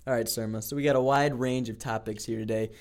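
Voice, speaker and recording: Young man, podcast host, quick casual talk, upbeat. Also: medium pitch, fairly even intonation, darkish tone. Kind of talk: casual campus sports podcast.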